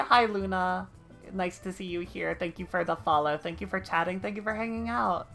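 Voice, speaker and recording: A woman's voice: on the low side, moderate pace, gravelly, a bit bright, soft background music. A woman streaming a game live, chatting casually, thanking viewers and joking.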